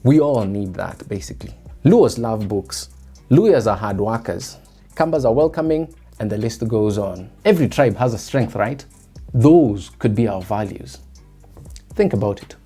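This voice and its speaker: A young Kenyan man with a Kenyan accent talks through a solo podcast episode in a mellow, warm voice. He muses aloud and keeps putting rhetorical questions to his listeners, while faint music plays underneath. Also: fairly low pitch, expressive, unhurried, breathy edge. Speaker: podcast host.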